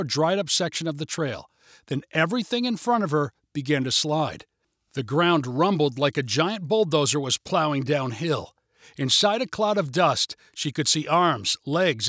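A man's voice: on the high side, no echo. Dry, close male storybook narrator. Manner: measured, even storytelling.

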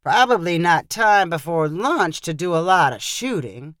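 A man's voice: on the high side, sing-song, unhurried, a bit bright, no room sound, studio quality. A man reading the part of an easygoing old ranch grandfather, drawling and matter-of-fact.

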